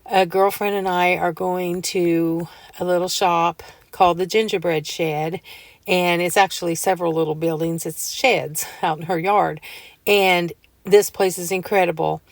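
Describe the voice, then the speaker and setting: A woman's voice: on the low side, fairly even intonation, unhurried, vocal fry, no room sound. A woman chatting casually to viewers about decorating her home, telling homey stories and laughing often.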